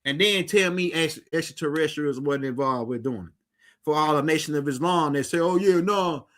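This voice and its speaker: Middle-aged male streamer, high and bright, loose slangy rambling to viewers. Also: fairly quick. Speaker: livestream host. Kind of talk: casual livestream talk.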